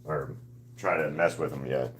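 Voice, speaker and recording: Man, deep voice, laid-back rambling host of an art live stream. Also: normal speed, slight background noise. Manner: relaxed, rambling, greets viewers by name. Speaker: artist live-streaming a painting session. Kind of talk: casual live-stream chat with viewers.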